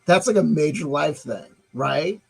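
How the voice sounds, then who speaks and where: A man's voice: a little high, expressive, unhurried, creaky, darkish tone, breathy edge, low-quality recording. A man hosting a casual live stream, musing aloud, rambling and swearing as he decides what to show next.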